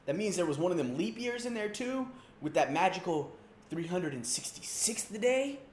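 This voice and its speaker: A man's voice: sits high, sing-song, moderate pace, slight background noise. A man hosting a comedic sports rant, loose and slangy, mocking and rambling. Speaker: comedy sports show host. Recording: roomy echo.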